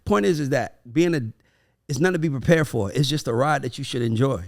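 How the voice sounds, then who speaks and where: A man in casual podcast conversation with a gravelly, fry-tinged voice. He tells stories with swearing and emphasis. When he quotes the kids, he slips into their voices. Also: medium pitch, brisk. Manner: animated storytelling, acting out his kids' voices; profane, emphatic. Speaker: podcast host. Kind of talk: casual chat.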